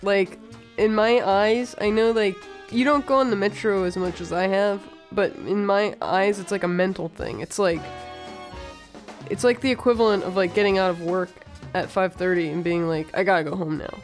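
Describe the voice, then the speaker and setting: A woman chatting casually as co-host, animated and full of filler words. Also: medium pitch, faint music behind. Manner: animated, filler-heavy, quick asides. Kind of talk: casual chat.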